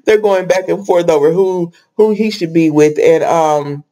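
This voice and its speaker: A woman's voice: lowish voice, moderate pace, warm tone, a little hiss or hum. A woman giving a casual, chatty recap of a soap episode, with exasperated asides to her viewers. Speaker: soap opera reviewer.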